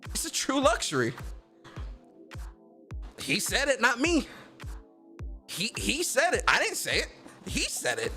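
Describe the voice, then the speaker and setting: A man hosting a casual gaming news livestream, talking in a slangy, animated way and reading out chat comments. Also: very high-pitched, a little slow, pauses often, faint music behind. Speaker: host of a gaming news stream.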